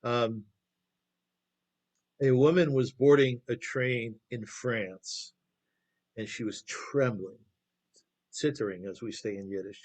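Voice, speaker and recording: A man teaches by telling stories in a relaxed, conversational way. He keeps putting questions to his listeners. The sound comes through a video call. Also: medium pitch. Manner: conversational, asks the audience questions. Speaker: lecturer. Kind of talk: storytelling lecture.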